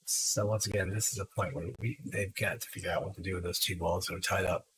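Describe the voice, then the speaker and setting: A man's voice: sits low, fairly even intonation, fast, fairly bright tone, husky. A man doing casual live commentary on a pool match, laid-back and joking.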